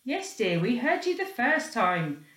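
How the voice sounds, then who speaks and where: A woman's voice: on the high side, sing-song, a little slow, a bit bright, echoey room, pitched above the performer's own voice. A woman doing a dry, sarcastic boy. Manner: sarcastic, drawling delivery.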